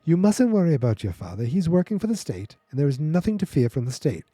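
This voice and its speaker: Guy doing a stern old lady neighbor, hushed warning voice, a little higher. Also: sing-song, fast, husky, no room sound, studio quality. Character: stern older woman neighbor, secretive.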